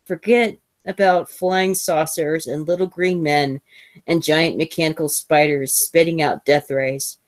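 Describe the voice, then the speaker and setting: A woman with a low, deep-set voice reads a first-person novel aloud, measured and unhurried, now and then stumbling and restarting a phrase. The sound is dry and close, with no room around it. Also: steady tone, dry recording. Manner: measured reading with small slips and restarts. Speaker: host reading a novel aloud.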